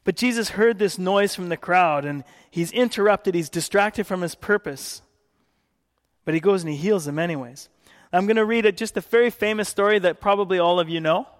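High-voiced preacher in a ringing hall. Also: male voice, moderate pace. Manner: animated storytelling, acting out quotes. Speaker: pastor. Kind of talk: sermon.

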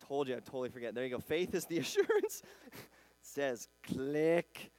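A man preaching a sermon in a conversational style, acting out quotes and swinging between loud bursts and quiet emphasis. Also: medium pitch, wildly swooping pitch, normal speed, no room sound. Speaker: pastor.

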